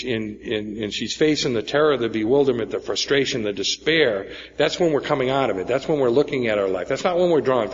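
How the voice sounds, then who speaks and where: Guy in his 40s sharing his story at a meeting, keeps saying okay? right?, echoey hall, faint hiss. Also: mid-range voice. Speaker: speaker at a recovery meeting. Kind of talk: personal recovery story talk. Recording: echoey hall, dull lo-fi sound, faint noise.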